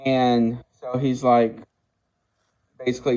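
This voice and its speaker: Slow, halting man in his sixties. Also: medium pitch, little pitch movement, warm tone, poor audio. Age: 60s. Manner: halting, many fillers and restarts. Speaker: movie reviewer. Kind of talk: casual plot recap.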